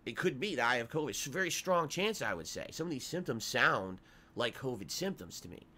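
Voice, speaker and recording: Stuffed up and grumbling, a male streamer rambles through a sick-day update on his illness for viewers. He talks briskly in a sharp, medium-pitched voice with big swings in pitch.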